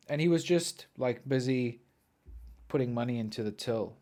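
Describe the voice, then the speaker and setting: A young man hosting a podcast, telling stories in an animated, swearing, ranting way. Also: medium pitch, moderate pace. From South Africa. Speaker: podcast host. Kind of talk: storytelling monologue.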